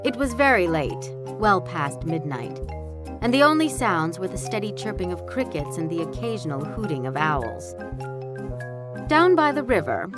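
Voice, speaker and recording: A woman narrating a children's audiobook in a wry, expressive storytelling manner. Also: fairly low pitch, moderate pace, music in the background. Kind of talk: scripted narration.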